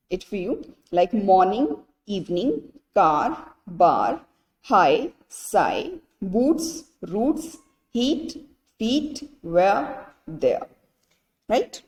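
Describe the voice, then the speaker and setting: A woman's voice: medium pitch, a little mellow, in a large hall. A woman teacher patiently walking pupils through a workbook lesson, spelling out letters, listing words one by one and checking in with "right?".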